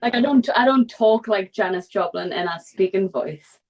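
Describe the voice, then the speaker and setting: A woman from England chatting casually, relaxed, with quick asides. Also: medium pitch, low-quality recording. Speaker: participant in an online group chat. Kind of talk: casual chat.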